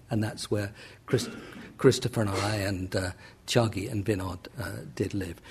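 A man's voice: lowish voice, slightly rough. An older man giving an academic economics lecture over slides, rambling and hesitant, with many fillers and self-corrections.

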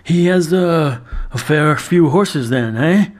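A man voicing a nervous innkeeper whose voice is unsteady and halting. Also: medium pitch, breathy edge. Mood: flustered. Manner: hesitant, stammering.

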